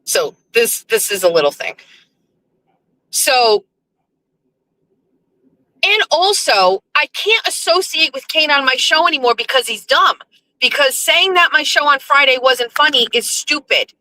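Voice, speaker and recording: A woman hosting her own show, delivering a profane, ranting monologue that swings from low muttering to high indignation. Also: lively intonation, unhurried, pauses often, pushed and bright, rough recording. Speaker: host. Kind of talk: casual monologue on a livestream show.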